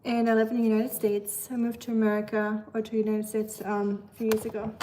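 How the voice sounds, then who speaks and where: A woman's voice: on the high side, monotone, fast talker, background noise. Chatty woman streaming late. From Germany. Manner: chatty, reads viewer comments aloud, heavy use of "like". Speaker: live streamer. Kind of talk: casual live-stream chat.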